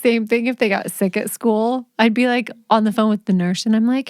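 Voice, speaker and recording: Blunt joking mother, higher voice. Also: fairly even intonation, fairly quick, hardly any pauses, a little mellow, no echo, clean studio sound. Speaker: podcast co-host, mother. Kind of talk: casual podcast chat.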